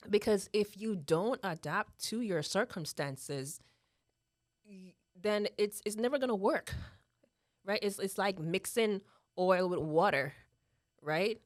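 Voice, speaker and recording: She takes it slowly, with long pauses and lively intonation in her medium-pitched voice. This Jamaican woman in her thirties, with a Jamaican accent, is a guest in a casual chat, earnest, laughing often, repeating herself, and asking "right?" a lot. The recording is dry and studio quality.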